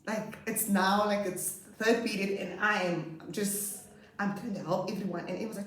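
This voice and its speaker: Young woman, lively storytelling vlog, roomy echo, distant mic. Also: normal speed. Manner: animated, laughs often, acts out her pupils in high voices. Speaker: grade 2 teacher.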